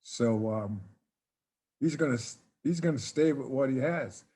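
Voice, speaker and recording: An older man and former ballplayer, relaxed and casual, telling a long anecdote in an interview and acting out the dialogue. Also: mid-range voice, measured pace, slightly rough. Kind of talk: casual storytelling.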